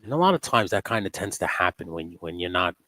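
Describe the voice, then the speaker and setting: A man's voice: sits low, sing-song, fast, pushed and bright, dry recording. A man in casual chat as a guest, laid-back and profane, laughing often. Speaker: podcast guest.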